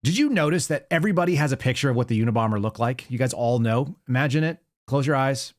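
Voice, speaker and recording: A man's voice: medium pitch, lively intonation, fast talker, dry recording. Male show host, casual monologue delivery, restarts and repeats words; dry, close sound. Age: adult with young child. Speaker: podcast host.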